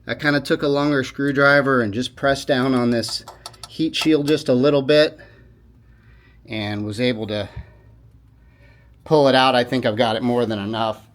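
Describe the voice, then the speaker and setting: A man's voice: mid-range voice, steady tone, normal speed, pauses often. Casual man explaining a repair job. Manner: informal, self-correcting, apologetic asides. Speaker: DIY repair video host. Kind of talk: casual how-to narration.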